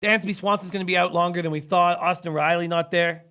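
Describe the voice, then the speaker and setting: A man's voice: high-pitched, steady tone, quick pace, pushed and bright, clear, resonant tone. A man hosting a sports betting show, losing his voice, reading viewer comments and rattling off stats. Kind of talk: casual sports betting talk.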